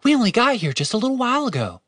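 A brash, hard-drinking young woman with a sarcastic, blunt tongue, as a male audiobook narrator puts her on. Her voice sits much higher than the reader's own, with lively swings in pitch. The recording is close and dry. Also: very fast, dry recording, exaggerated voice. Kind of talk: audiobook character voice.

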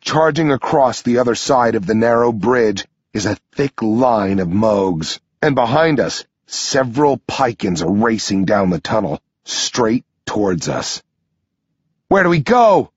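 A man reading a first-person story aloud as an audiobook narrator, with a steady storytelling delivery. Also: measured pace, hardly any pauses, husky, no echo, dull audio. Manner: steady storytelling delivery, pushing up in pitch for shouted dialogue.

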